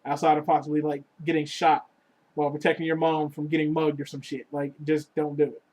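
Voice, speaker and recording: A man ranting casually to his viewers about dating, crude and profane, joking as he goes, swinging between loud lines and muttered asides. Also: fairly high pitch, little pitch movement, fairly quick. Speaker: vlogger. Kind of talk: casual rant to camera.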